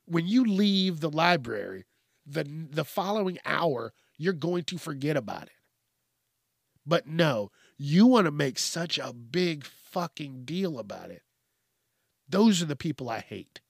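A man's voice: a little high, gravelly, fairly bright tone, dry recording, studio quality. A man hosting a news commentary show, ranting in a profane, mocking way about news stories. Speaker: host.

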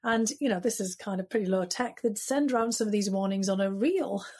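A British woman in her fifties speaks as an interview guest, her voice slightly breathy and husky. She recalls the past in a reflective, storytelling way, often pausing with casual fillers. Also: mid-range voice, dark tone. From United Kingdom. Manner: reflective, storytelling, frequent "you know" fillers. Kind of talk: conversational interview.

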